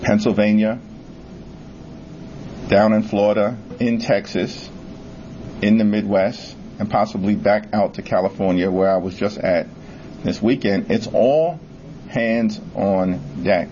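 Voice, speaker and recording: Male politician, press conference statement, low voice, faint rumble behind. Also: unhurried, pauses often, darkish tone, dull audio.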